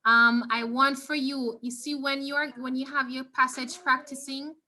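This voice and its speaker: A Jamaican woman teaching a Spanish class over a video call, her voice high and bright. She praises her students and slowly repeats key words. A faint hiss of noise sits behind her. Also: little pitch movement.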